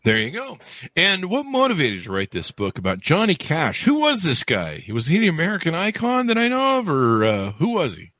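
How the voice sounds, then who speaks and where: Jokey, animated man hosting a podcast. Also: on the high side, brisk, dry recording. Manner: jokey, rambling, self-interrupting. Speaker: podcast host. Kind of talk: upbeat podcast interview.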